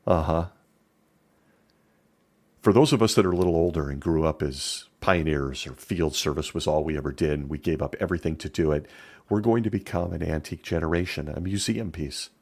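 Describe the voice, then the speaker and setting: A man's voice: rumbling low, normal speed, long pauses, darkish tone. A middle-aged man giving opinion commentary in a sarcastic, emphatic way.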